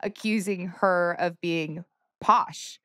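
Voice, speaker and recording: A woman's voice: on the low side, steady tone, slow pace, pushed and bright, clear, resonant tone, dry recording. Playful young American woman, dry mic. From United States. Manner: laughs easily, upbeat and playful. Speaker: podcast co-host, pro golfer. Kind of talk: casual chat.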